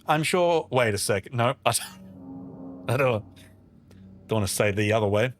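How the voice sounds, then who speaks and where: Lively, chatty male game streamer. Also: medium pitch, measured pace, soft background music. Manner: chatty, reads and answers chat messages; playful, mutters to himself while playing. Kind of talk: casual live-stream chat while gaming.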